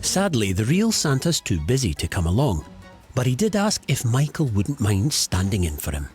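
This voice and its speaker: A man's voice: mid-range voice, wildly swooping pitch, normal speed, darkish tone. A man narrating a documentary in a scripted voice-over with dry, wry storytelling. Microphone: studio voice-over. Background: music.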